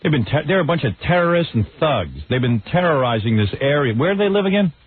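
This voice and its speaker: A man's voice: fairly high pitch, very animated, fast talker, slightly rough. A man hosting a radio talk show, talking in a blunt, brash and mocking way. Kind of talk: provocative radio banter. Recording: tinny lo-fi radio broadcast.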